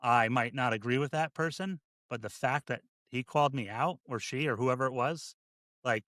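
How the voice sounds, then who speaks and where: A man who is a deputy fire chief, a guest on a podcast, speaking in a halting, reflective way with many restarts. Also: mid-range voice, fairly bright tone, no echo, clean studio sound. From United States. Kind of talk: casual podcast conversation.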